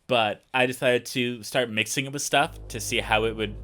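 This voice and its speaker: A man's voice: mid-range voice, moderate pace, slight background noise. Rambling young man chatting over a game. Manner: rambling, animated storytelling with many fillers. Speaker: let's player. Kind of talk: casual chat over gameplay. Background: game music.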